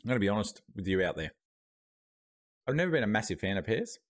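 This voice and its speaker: A man with an Australian accent chats casually on a live stream, his voice sitting a little low. He keeps talking through mouthfuls of food, loose and unscripted, into a streaming mic with a noise gate. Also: very animated, fast. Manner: chatty, talking while eating.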